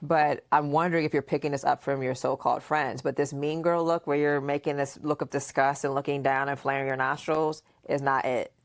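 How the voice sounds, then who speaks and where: A woman hosting a casual podcast chat, asking questions and acting out remembered dialogue in a playful, animated way. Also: a bass voice, fairly quick, hardly any pauses. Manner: frequent laughter and questioning. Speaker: podcast host and mother.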